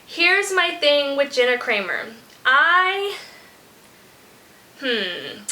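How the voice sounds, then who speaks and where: A woman hosting a music reaction vlog, rambling and thinking out loud in casual chat, now and then saying "y'all". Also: high voice, sing-song, very slow, poor audio. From from a small country town.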